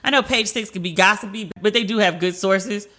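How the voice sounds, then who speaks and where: A woman's voice: mid-range voice, brisk. A woman hosting a podcast, telling stories in casual chat with lots of fillers and acted-out quotes. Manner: animated storytelling with frequent fillers and acted-out quotes. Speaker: podcast host.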